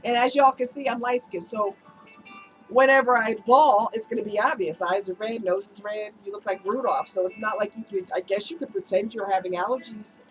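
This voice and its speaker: A woman's voice: mid-range voice, steady tone, brisk, soft background music, poor audio. A woman vlogger with a cold, telling a personal story to her viewers in a candid, emotional, chatty way. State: has a cold, voice slightly strained.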